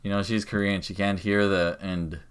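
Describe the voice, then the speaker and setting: A man's voice: low-pitched, normal speed, a little hiss or hum. A man chatting casually on a live stream, teasing and crude in his humour. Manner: teasing, crude, animated joker.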